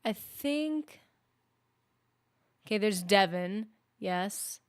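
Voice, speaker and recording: A woman's voice: mid-range voice, animated, extremely slow. A woman gaming streamer chatting casually and rambling while she plays, often correcting herself. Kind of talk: casual live-stream chat.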